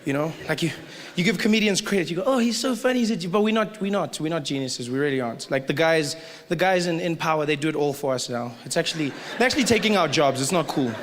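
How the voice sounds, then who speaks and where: A man doing a stand-up comedy set, animated and joking, slipping into quick put-on voices. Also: fairly high pitch. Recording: live hall recording with audience noise.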